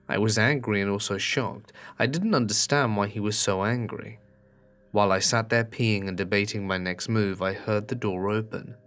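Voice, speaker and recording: A man with a lowish voice reads a horror story aloud in a measured, scripted delivery. He slows down at the tense beats. Soft music plays faintly underneath.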